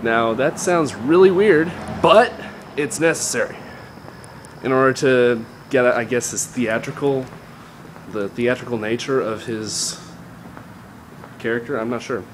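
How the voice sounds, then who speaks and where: A man of ordinary pitch talks his way through an off-the-cuff how-to lesson as he walks down a street. He rambles and corrects himself as he goes, speaking into a handheld device. A faint hum of noise sits behind him. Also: a little slow, pauses often. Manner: casual, rambling and self-correcting. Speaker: voice impression tutor. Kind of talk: improvised spoken tutorial. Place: outdoors, walking down a street.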